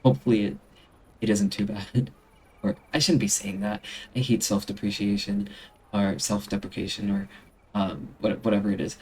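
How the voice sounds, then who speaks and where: Self-conscious American streamer, low voice. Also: male voice, steady tone, normal speed, a little mellow, a little hiss or hum. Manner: self-conscious, rambling with fillers. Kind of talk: casual streaming chat.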